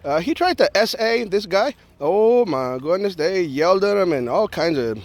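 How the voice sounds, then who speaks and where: A man vlogging, telling a personal story in a joking, animated way and acting out the people in it. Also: sits high, moderate pace. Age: adult with a young daughter. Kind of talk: casual storytelling to camera.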